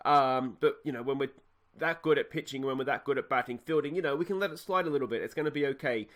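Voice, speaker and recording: A man's voice: mid-range voice, quick pace, a bit bright. A young Australian man casually commentating a sports management game, thinking aloud with lots of ums and uhs. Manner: chatty, thinking aloud with many fillers. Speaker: let's play host.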